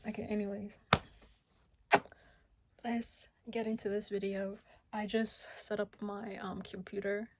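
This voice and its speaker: A young American woman talking casually to her vlog camera, a bit out of breath, often dropping to a soft half-whisper. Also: mid-range voice, flat delivery, measured pace, pauses often, noisy background. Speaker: vlogger. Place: home kitchen.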